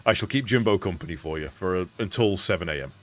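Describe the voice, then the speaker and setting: A man's voice: sits low, animated, fast, a bit bright, faint music behind. A man streaming a game, chatting casually, swearing and laughing often. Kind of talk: casual chat while gaming.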